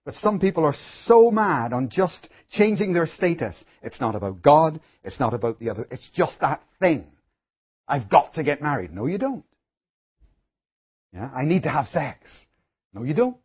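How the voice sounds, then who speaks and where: A man's voice: fairly high pitch, breathy edge. A man preaching a sermon as pastor, telling stories with chatty asides to his congregation. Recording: dull lo-fi recording.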